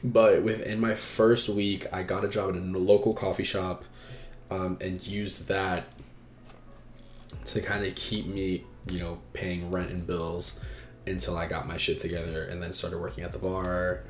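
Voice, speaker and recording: Chatty low-voiced man in an echoey room. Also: little pitch movement, measured pace, a little hiss or hum. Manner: frank and chatty, swears freely, many fillers. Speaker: advice stream host. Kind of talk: casual livestream advice chat.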